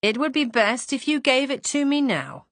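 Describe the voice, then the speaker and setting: A woman voicing a male police inspector who speaks calmly and politely, with a measured, quietly skeptical edge. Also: sits high, no room sound, voice pushed up. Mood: calm, probing.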